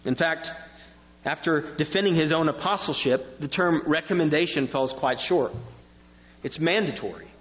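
A man's voice: fairly high pitch, normal speed. Male preacher, earnest and explanatory sermon delivery, recorded dull and reverberant in a hall.

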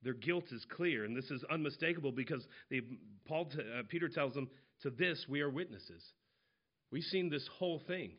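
A man's voice: medium pitch, moderate pace, lo-fi sound. A man preaching an expository sermon in a conversational way, walking through scripture verse by verse. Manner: conversational expository preaching, retelling parables in casual voices.

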